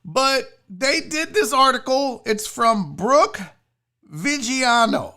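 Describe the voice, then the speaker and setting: Rambling, lively-pitched male show host. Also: moderate pace. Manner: rambling, profane, jokey; fiddles with screen sharing as he talks. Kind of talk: casual livestream chat.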